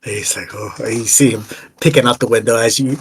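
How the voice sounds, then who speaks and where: A man's voice: medium pitch, fast, breathy edge. A man narrating as game master in a tabletop game, playful and often laughing.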